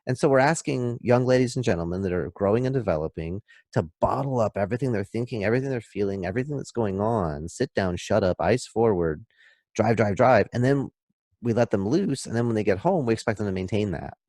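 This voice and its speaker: A man speaking as a podcast guest, explaining in an emphatic, animated way and acting out little scenes. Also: fairly low pitch, brisk, dry recording, studio quality. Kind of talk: casual podcast talk, explaining.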